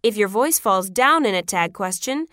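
Clear, lively-voiced woman teaching pronunciation. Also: medium pitch, no room sound, studio quality. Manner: clear, deliberate, instructive. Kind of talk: scripted classroom phrases.

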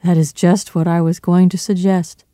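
A man's voice: sits high, little pitch movement, warm tone, no room sound, studio quality, pitched above the performer's own voice, lightly acted. A reader voicing a weak, despairing middle-aged male doctor who speaks faintly and drags his words out in a storybook reading. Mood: strained. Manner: faint, drawn-out and dreary.

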